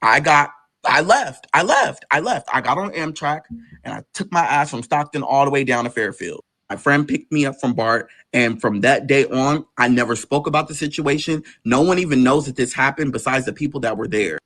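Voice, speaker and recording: A man's voice: expressive, moderate pace, fairly bright tone. A man guest telling an emotional personal story, intense and swearing as it builds. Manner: intense, swearing, rising pitch in tense moments.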